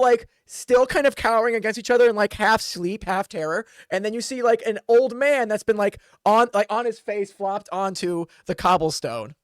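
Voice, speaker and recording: A man's voice: high voice, moderate pace, few pauses, clean tone, no echo. A man narrating a tabletop game as dungeon master, rambling and full of fillers.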